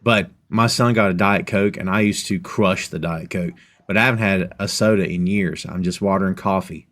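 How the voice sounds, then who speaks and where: A middle-aged man hosting a podcast in casual chat, animated, his voice jumping up when he gets excited. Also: low-pitched, normal speed. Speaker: podcast host.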